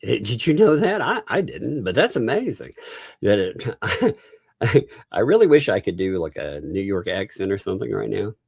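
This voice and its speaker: A man's voice: lowish voice, big pitch swings, moderate pace, vocal fry, slightly rough, no echo, clean studio sound. A man with a Southern US accent hosting a live commentary stream, sarcastic and amused, chuckling often as he talks. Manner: chuckles often while talking. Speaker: livestream host.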